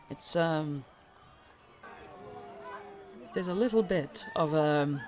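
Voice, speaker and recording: A woman's voice: low voice, slow pace, darkish tone, a little hiss or hum. A woman narrating as game master, casual and rambling.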